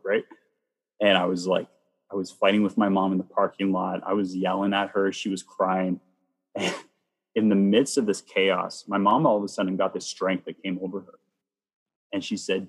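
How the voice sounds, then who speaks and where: A man from Canada with a very deep, husky voice recounts his personal testimony as an interview guest. He tells it in a lively way and acts out the lines people said to him. His voice rings with a long reverb, as if recorded in a large room. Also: moderate pace. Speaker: guest sharing his faith story.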